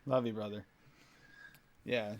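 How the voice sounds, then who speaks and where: A man's voice: lowish voice, flat delivery, slow pace, darkish tone. Easygoing American man hosting a chat show. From United States. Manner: easygoing, laughs often, rambling sentences. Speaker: podcast host. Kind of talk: casual chat.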